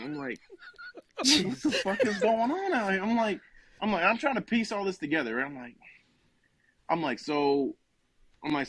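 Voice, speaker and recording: A young man from New Jersey spins a rambling, profane comic story on a podcast, acting out every line of dialogue. His voice sits a little high. The sound is dry and close, with no room around it. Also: no echo. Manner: profane, rambling, animated retelling with quoted dialogue. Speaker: podcast co-host telling a story. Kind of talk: casual comedic storytelling.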